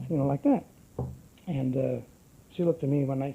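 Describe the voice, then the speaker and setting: A man's voice: fairly high pitch, fast talker, warm tone, husky, rough recording. A middle-aged man giving a brash, wisecracking personal testimony at a recovery group meeting. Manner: brash, salty storyteller with wisecracks.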